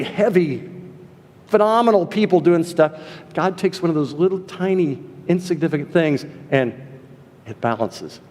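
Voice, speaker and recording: A man's voice: on the high side, darkish tone, big-room sound. A man preaching a conversational sermon in a chapel, with frequent ums and uhs, who reads quotations aloud with emphasis.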